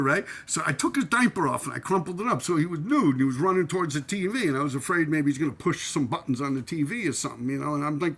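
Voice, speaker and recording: A man's voice: fairly high pitch, animated, fast talker, a bit bright, breathy edge. A middle-aged man with a New York accent, telling casual, profane stories from his graffiti days and dotting his talk with "man" and "yo". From New York City. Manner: streetwise, profane, full of "man" and "yo", laughs at his own stories. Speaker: channel host and former graffiti writer. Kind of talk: casual storytelling.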